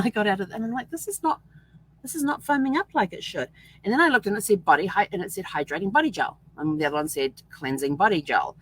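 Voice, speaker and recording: A woman's voice: mid-range voice, husky, low-quality recording. A middle-aged woman vlogger telling casual, chatty stories and laughing often as she goes. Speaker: vlog host. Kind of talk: casual storytelling.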